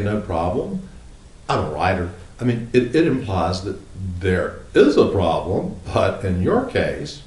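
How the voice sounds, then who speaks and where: A man's voice: low voice, darkish tone, roomy sound, slight background noise, poor audio. A man, a writer giving a wry, humorous monologue and quoting others in mocking tones. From United States. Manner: wry, drawling, quoting others in mock voices. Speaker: writer and commentator.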